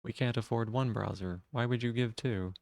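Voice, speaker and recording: A man's voice: mid-range voice, normal speed, vocal fry, darkish tone, no room sound. A man live-streaming, chatting casually with viewers in a teasing way and swearing freely.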